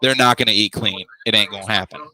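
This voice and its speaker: A man narrating as game master of a tabletop game, describing scenes in a relaxed way with jokey asides. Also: lowish voice, quick pace, low-quality recording.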